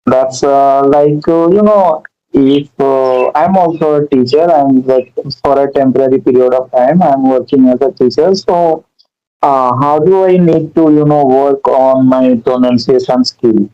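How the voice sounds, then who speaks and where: A man's voice: medium pitch, unhurried, clean tone. A man, a temporary teacher asking for advice, talking hesitantly with many fillers in a casual conversation. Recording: dull lo-fi sound.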